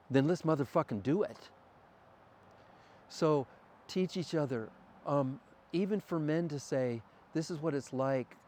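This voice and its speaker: A middle-aged man speaks as a podcast guest, his voice sitting in an ordinary middle pitch. He talks fast and animatedly, swearing freely. The tone is casual, like a conversation. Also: a little hiss or hum. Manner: animated, profane, fast-talking.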